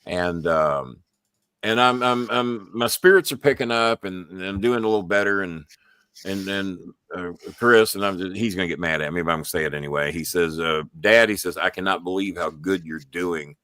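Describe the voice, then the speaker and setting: Middle-aged guy hosting, low-ish voice, bright and forceful, swears a lot, dry close mic. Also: normal speed, smooth, dry recording. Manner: blunt, heavy swearing, storytelling. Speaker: show host. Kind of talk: casual live-show chat.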